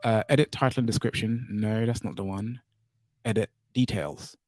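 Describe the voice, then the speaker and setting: A man's voice: lowish voice, steady tone, normal speed, darkish tone. Chatty man thinking aloud on a livestream. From Saint Kitts and Nevis. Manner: chatty, rambling, thinks aloud while fiddling with settings. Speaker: livestream host. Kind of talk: casual live-stream talk. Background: faint music.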